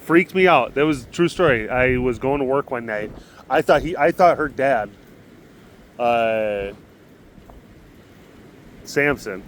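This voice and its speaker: A man in a casual walking vlog outdoors at an animal facility, chatting in a rambling way and talking softly to the big cats. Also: medium pitch, expressive, takes it slowly, long pauses, a little hiss or hum. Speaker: animal caretaker and vlogger.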